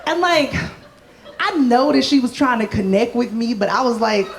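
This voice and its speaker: A woman's voice: on the high side, animated, moderate pace, gravelly, some chatter behind. A woman performing a stand-up comedy set. She is playful and self-mocking, and she acts out the voices of the people in her stories.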